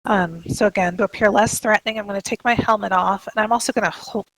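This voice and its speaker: A woman's voice: medium pitch, fairly even intonation, fast, a bit bright, no echo, low-quality recording. Hesitant woman player thinking aloud. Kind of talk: tabletop role-play.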